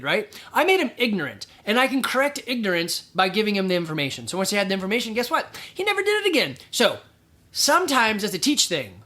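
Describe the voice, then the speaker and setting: A man's voice: sits high, big pitch swings, fast talker, pushed and bright. A middle-aged man hosting a podcast, giving casual advice in a rambling, conversational way with restarts and chuckles. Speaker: podcast host.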